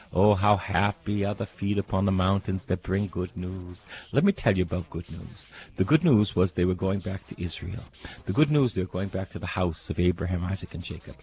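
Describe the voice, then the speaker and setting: A man's voice: deep voice, darkish tone, breathy edge. A middle-aged man, a priest, preaching a sermon with dramatic scripture readings and call-and-response. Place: airport.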